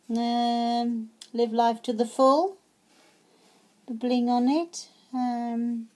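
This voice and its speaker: A woman talks through her handmade craft tags in a casual, chatty way. She speaks slowly with a warm, mellow tone, often stumbling over words and restarting. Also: a little high. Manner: chatty, hesitant, many fillers and restarts. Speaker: craft vlogger. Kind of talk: casual show-and-tell.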